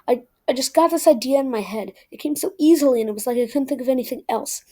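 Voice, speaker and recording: A man's voice: very high voice, fast talker, a little mellow. A woman reading aloud the lines of a remorseful teenage boy from a novel, in a plain, unpolished way.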